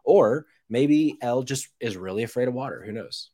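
Podcast co-host guy, wry and musing, normal pitch. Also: animated, normal speed, mellow. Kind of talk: casual podcast chat.

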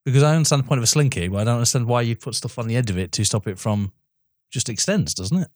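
A man's voice: mid-range voice, rapid-fire, dry recording, studio quality. A British man co-hosting a casual film podcast, jokey and calling his co-host mate. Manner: lively, jokey, says mate.

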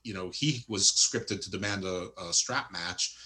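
A man's voice: low-pitched, unhurried. A man co-hosting a casual wrestling podcast, opinionated and full of restarts. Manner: opinionated, lively, stumbling restarts. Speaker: podcast co-host.

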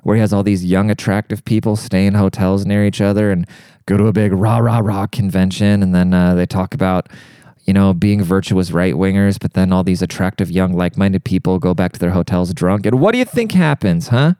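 A young man rambles through a profane comedic rant, worked up and crude. His voice sits low with a dark, mellow tone. The sound is close and dry. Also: fairly quick, smooth, no echo. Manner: profane, rambling, fired-up, says dude a lot. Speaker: monologue speaker.

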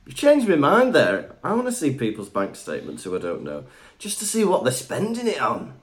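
A man's voice: fairly high pitch, wildly swooping pitch, fairly quick. A man co-hosting a podcast in casual banter, joking and laughing often. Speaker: podcast co-host.

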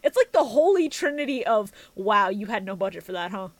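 A woman co-hosting a casual podcast, swearing freely and quick to laugh. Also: mid-range voice, big pitch swings, no room sound. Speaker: podcast co-host.

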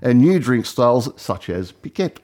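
A man's voice: mid-range voice, big pitch swings, moderate pace, darkish tone. A man co-hosting a casual radio chat, reading news items aloud with many fillers and restarts. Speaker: radio co-host.

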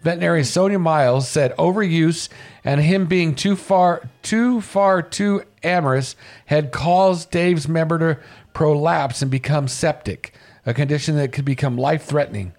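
A man's voice: fairly high pitch, normal speed, a little mellow. A man co-hosting a radio morning show, reading out an odd news story with jokes and laughs. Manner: joking, laughs while reading. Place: radio studio.

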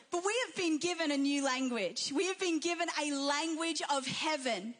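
High-voiced woman preaching. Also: normal speed, fairly bright tone. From Australia and New Zealand. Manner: fervent, repetitive preaching cadence. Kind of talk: sermon. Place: church.

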